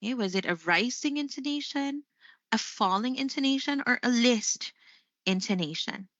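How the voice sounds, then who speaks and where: A woman teaching an English lesson on a live stream. She speaks slowly and expressively, laughing often. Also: fairly high pitch, no echo. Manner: slow, expressive delivery with frequent laughs. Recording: slightly muffled stream audio.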